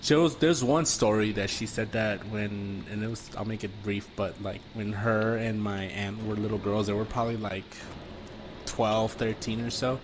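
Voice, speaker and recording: Young man from the border region, lower voice, easygoing storyteller, audible hiss. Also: normal speed. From US-Mexico border region. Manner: relaxed, swears freely, many fillers. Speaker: podcast guest. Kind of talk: casual storytelling chat.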